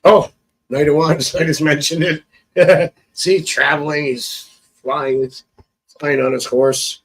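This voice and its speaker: Slightly high-voiced male tarot reader on a casual phone live stream, chatty and prone to chuckles. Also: level tone, takes it slowly, poor audio. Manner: chatty, thinks aloud, chuckles often.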